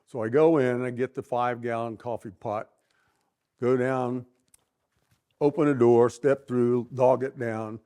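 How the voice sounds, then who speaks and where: A man, a Navy veteran, telling a story in a steady, matter-of-fact way in an interview. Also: mid-range voice, a little slow, clear, resonant tone.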